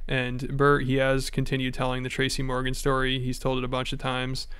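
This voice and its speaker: A man narrating a commentary video in an even, matter-of-fact way. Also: medium pitch, fairly quick, clean tone.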